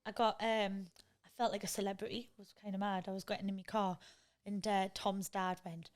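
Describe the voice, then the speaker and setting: A woman's voice: medium pitch, little pitch movement, brisk. A woman co-hosting a casual podcast chat, chatty and self-deprecating. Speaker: podcast co-host.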